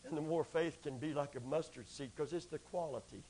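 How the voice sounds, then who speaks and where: A man preaching a sermon, swinging between shouted peaks, whoops and hushed passages. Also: on the high side, fairly quick.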